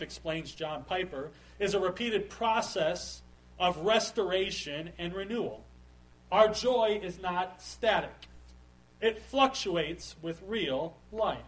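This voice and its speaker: A pastor delivering a sermon with earnest, emphatic phrasing and slow pauses on key words. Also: male voice, high voice, low-quality recording.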